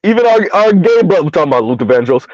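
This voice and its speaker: Racing along and very animated, this middle-aged commentary vlogger has a high voice with a darkish tone and no echo. He rants comically and casually, laughs a lot and lifts his recurring punchline in a sing-song way, all in a dry, dull lo-fi recording.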